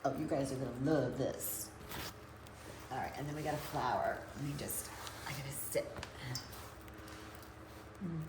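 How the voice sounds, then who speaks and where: A woman's voice: extremely low pitch, measured pace, pauses often, noisy background. A woman who coaches nutrition, chatting casually to viewers and thinking aloud as she works with plants in an indoor grow room. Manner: chatty, rambling, thinks aloud while working. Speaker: hydroponic gardener and nutrition coach. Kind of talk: casual live chat to viewers.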